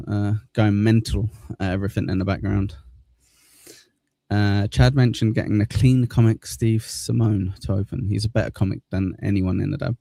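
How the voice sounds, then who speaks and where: With a fairly low, gravelly, dark voice, fairly even intonation and a moderate pace, a near-Cockney southern English man runs a livestream, recorded without echo. He rambles through viewer comments in a relaxed way, cursing casually as he goes.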